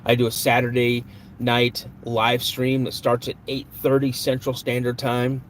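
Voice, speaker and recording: A man's voice: medium pitch, monotone, measured pace, slight background noise. A man hosting a live podcast stream, chatting casually with viewers, joking and greeting them. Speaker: podcast host.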